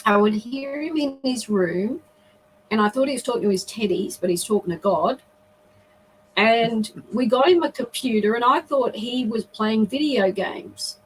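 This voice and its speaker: A woman's voice: on the high side, normal speed, husky, rough recording. A middle-aged woman, a guest on a video call, earnestly telling a personal story with emotion and frequent restarts.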